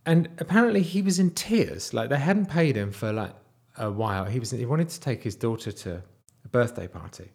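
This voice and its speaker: A man in his thirties casually telling a personal story, animated, sometimes dropping to a whisper. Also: normal speed, vocal fry, hardly any pauses, slightly rough. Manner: animated, wide swings in pitch and loudness, drops to whispers.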